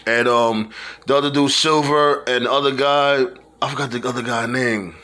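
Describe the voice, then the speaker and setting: Bright-voiced man rambling casually. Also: medium pitch, steady tone, normal speed. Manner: rambling, loose speech with many fillers and restarts. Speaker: wrestling fan vlogger. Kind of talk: casual monologue tribute.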